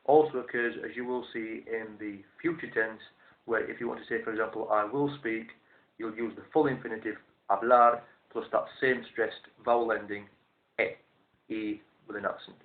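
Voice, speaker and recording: A man teaching a language lesson, explaining step by step in a measured, methodical way and repeating each form slowly. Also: fairly low pitch, fairly even intonation. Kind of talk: instructional explanation. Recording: roomy, tinny phone-like sound.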